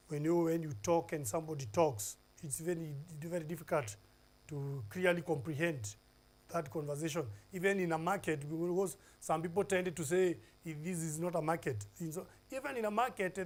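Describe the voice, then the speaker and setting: A man with a Kenyan accent teaching a televised English lesson, listing points one by one with fillers and emphasis. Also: on the high side.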